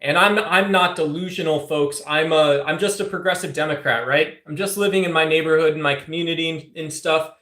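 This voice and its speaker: Combative livestream host with lots of fillers. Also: male voice, fairly high pitch, steady tone, fairly quick, hardly any pauses, bright, forceful tone, reverberant. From Southwest United States. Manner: combative, teasing, many fillers and restarts. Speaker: livestream host answering chat. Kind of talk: casual political livestream talk.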